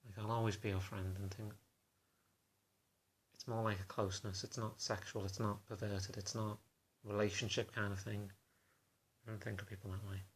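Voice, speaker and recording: A man talking to camera in a confessional vlog, halting and self-conscious in a subdued, low-key way. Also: flat delivery, fairly bright tone, slight background noise. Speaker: vlogger.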